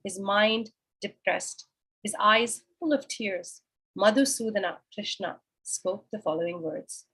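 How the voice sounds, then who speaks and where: Woman, scripture class teacher, husky breathy voice, explains verse by verse, asks herself questions. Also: medium pitch, a little slow, a bit bright, low-quality recording. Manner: asks and answers her own questions. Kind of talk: explaining a sacred text verse by verse.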